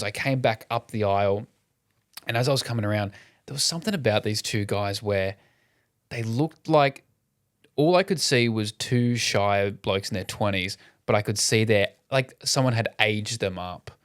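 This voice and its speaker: A young man co-hosting a podcast, chatting casually and telling animated, sweary stories. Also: fairly low pitch, normal speed, smooth, no room sound, studio quality. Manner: storytelling, swearing, animated quoted voices. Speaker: podcast co-host. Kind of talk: casual chat.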